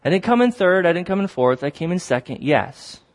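Animated male preacher, fairly high voice. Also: brisk. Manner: animated storytelling, acts out shouts and exclamations; repeats key phrases for emphasis. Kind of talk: sermon.

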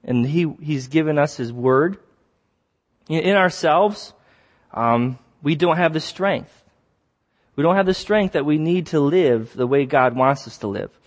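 A man preaching a sermon, telling stories with lively acted-out exclamations and repeating key phrases for emphasis. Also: a little high, unhurried. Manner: animated storytelling, acts out shouts and exclamations.

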